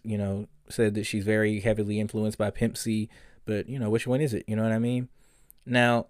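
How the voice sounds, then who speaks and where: A man's voice: mid-range voice, dry recording, studio quality. A man hosting a solo commentary podcast, ranting bluntly and profanely, often getting heated. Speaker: podcast host.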